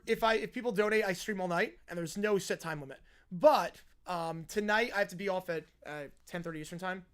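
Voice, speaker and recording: A man hosting a live stream, chatting casually and reading out a story. He reacts to it with quick laughs and offhand asides as he goes. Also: sits high, a bit bright. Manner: chatty, laughs at what he reads.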